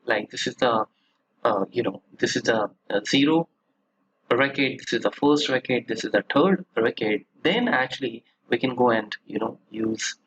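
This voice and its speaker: A man teaching a software tutorial over a screen recording, chatty and explanatory, often checking in with "right?" and stressing points with rising emphasis. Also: mid-range voice, a little hiss or hum, rough recording. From India. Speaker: software trainer.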